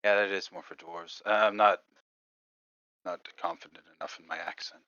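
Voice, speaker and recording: A teenage young man with a bright, sharp voice plays in a tabletop game over voice chat. He talks hesitantly and softly, often trailing off. The sound is dry and lo-fi. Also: low-pitched, fairly even intonation, moderate pace, dry recording. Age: late teens. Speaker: player.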